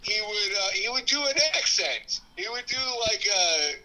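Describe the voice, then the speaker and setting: A man's voice: high voice, expressive, moderate pace, sharp tone, poor audio. A man chatting over a remote call, rambling and hesitant with lots of fillers. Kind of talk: casual chat.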